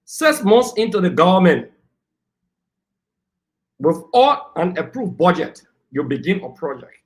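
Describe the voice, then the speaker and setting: A Liberian man with a high, slightly bright voice argues heatedly as a panelist on a political talk show. He's combative, talking over interruptions and lecturing the people who cut in.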